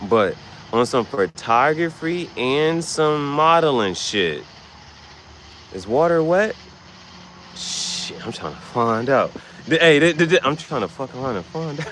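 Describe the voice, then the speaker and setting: A man hosting a livestream, giving casual, rambling, slangy commentary with sudden loud, excited bursts. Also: medium pitch, measured pace, a little hiss or hum, poor audio. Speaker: livestream host.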